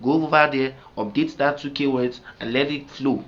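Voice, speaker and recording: A man's voice: mid-range voice, steady tone, moderate pace, a bit bright. Emphatic man coaching writers. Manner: emphatic, repetitive, asks "do you get me?". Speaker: writing coach. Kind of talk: instructional talk to camera. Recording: slightly dull lo-fi sound with faint noise.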